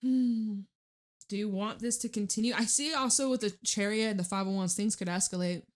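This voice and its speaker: A woman's voice: mid-range voice, a little fast. Chatty woman reading tarot cards. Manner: chatty, laughs often, many "like" fillers. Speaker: tarot reader.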